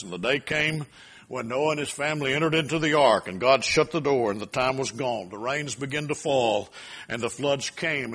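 Preaching man with a drawl. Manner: builds to loud emphatic peaks then drops low. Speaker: pastor. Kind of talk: sermon.

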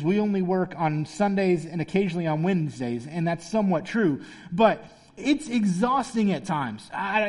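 A man's voice: high-pitched, a little mellow. A man as a pastor preaching a sermon in a casual, playful storytelling way.

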